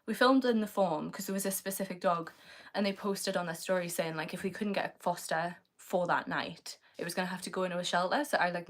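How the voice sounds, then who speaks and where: Chatty British woman, lowish voice. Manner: chatty, reads comments aloud, many fillers of "like". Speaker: livestreamer answering chat. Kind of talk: casual live-stream chat.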